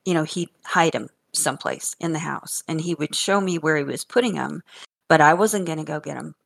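An older woman chats casually, telling funny stories about her grandchildren in an animated way, laughing often and repeating words. Her voice is low-pitched, brisk and gravelly.

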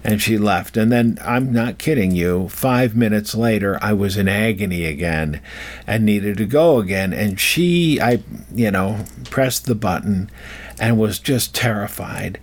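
A man's voice: lowish voice, measured pace. An older man talking casually and wandering off track, often restarting his sentences as he tells a personal story and gives advice. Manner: digressive, self-interrupting storyteller. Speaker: speaker giving life advice. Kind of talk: casual rambling monologue.

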